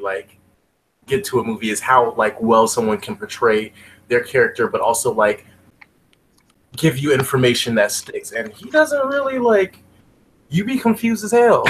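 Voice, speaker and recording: A man's voice: medium pitch, fairly bright tone, rough recording. A man chatting casually on a podcast, laid-back and rambling, full of fillers. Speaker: podcast co-host. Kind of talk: casual chat.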